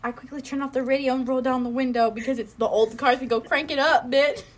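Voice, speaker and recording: A woman's voice: high-pitched, fairly even intonation, fast. A young woman reading her own old story aloud for laughs, often breaking into giggles. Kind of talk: comedic dramatic reading with laughter.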